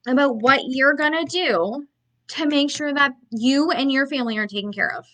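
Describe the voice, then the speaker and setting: A woman's voice: high voice, moderate pace, sharp tone. A woman business coach giving a blunt, emphatic motivational talk in a conversational way, full of fillers.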